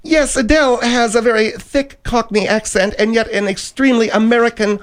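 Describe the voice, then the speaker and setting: A man's voice: very high voice, fairly even intonation, fairly quick, pitched above the performer's own voice. An actor playing a prim, patronizing female co-host who over-explains things in a radio comedy sketch. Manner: prissy, over-explaining, scolding.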